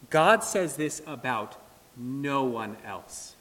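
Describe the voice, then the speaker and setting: A man preaching an earnest, emphatic sermon with dramatic pauses in a church. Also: fairly high pitch, expressive, a bit bright. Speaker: pastor. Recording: long reverb of a large hall.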